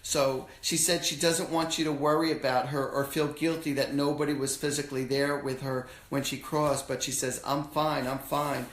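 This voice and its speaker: A man hosts a live psychic stream, his pitch sitting in a middle register. He talks loosely and haltingly, full of fillers, and drops into slangy quoted lines as he relays messages. The room around him rings with echo. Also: flat delivery. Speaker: psychic medium host. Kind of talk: live-stream readings for callers.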